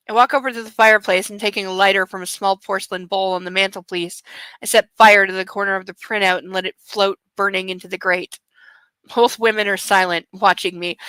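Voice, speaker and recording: A woman's voice: mid-range voice, a little fast, pushed and bright, smooth, no echo, rough recording. A young adult woman streaming a book reading, breaking in with sarcastic, emphatic commentary. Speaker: livestream host reading aloud.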